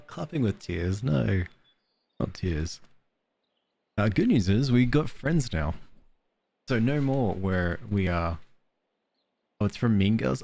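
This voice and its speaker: A man's voice: lowish voice, creaky, darkish tone. A man streaming a cozy game, chatting casually and giggling while reading game letters aloud. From Australia. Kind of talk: casual let's-play chat.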